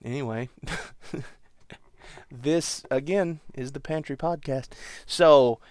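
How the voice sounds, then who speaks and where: A man's voice: mid-range voice, very slow, a little mellow, no room sound. A man hosting a podcast, rambling through a comic monologue with wry, self-mocking asides. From United States. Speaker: podcast host.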